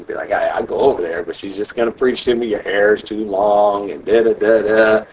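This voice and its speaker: A man giving an earnest personal faith testimony, talking haltingly and repeating himself. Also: mid-range voice, husky. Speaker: speaker sharing his testimony. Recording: distant, dull mic.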